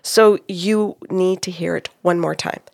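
Gravelly-voiced woman telling a story. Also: on the low side, measured pace, no room sound, studio quality. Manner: animated retelling, acting out quotes. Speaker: psychic medium. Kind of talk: storytelling in a conversation.

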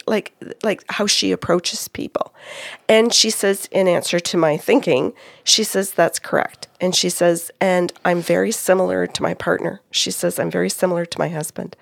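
Middle-aged woman host, gravelly, close dry mic, animated storyteller. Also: fairly low pitch, moderate pace, dry recording. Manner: animated, quotes spirits and clients, laughs often. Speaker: psychic medium, co-host. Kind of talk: storytelling about a reading.

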